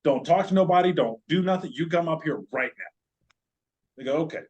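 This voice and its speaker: A man's voice: fairly high pitch, brisk, a little mellow, highs cut off. A man, a podcast guest, telling a long story in casual, joking, profane chat.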